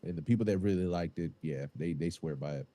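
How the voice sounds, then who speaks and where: A man's voice: low-pitched, fast talker, warm tone, no echo. A man co-hosting a podcast, talking in casual chat with hesitant, repeated words. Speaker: podcast co-host.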